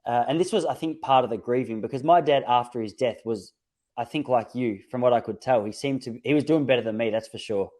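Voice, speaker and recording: A man's voice: medium pitch, fairly quick, a little mellow. A man hosting a casual podcast conversation, telling stories in a reflective way with frequent restarts. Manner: reflective, storytelling with many restarts. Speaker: podcast host.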